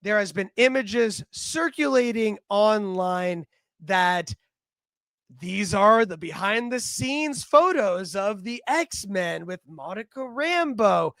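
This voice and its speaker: Slow-talking woman hosting a discussion. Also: medium pitch, lively intonation, a bit bright, no echo. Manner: conversational, searching for words. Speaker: podcast host. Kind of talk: casual discussion.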